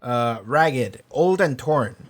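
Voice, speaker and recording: A young man whose first language is not English, casually reacting to and reviewing a TV episode, animated and swearing as he acts out the characters' lines. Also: medium pitch, slow. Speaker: reaction video host.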